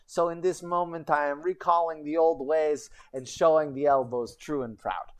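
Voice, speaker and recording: A woman's voice: sits low, steady tone, moderate pace. A woman streamer telling a goblin legend in rambling, broken goblin-style grammar, with chatty asides. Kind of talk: casual livestream storytelling.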